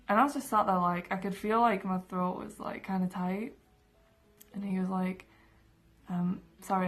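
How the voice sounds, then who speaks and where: Young Englishwoman vlogger, chatty storyteller, level delivery with a creaky edge. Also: medium pitch. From England. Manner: chatty, many "like" and "um" fillers. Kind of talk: casual storytelling to camera. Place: her room indoors.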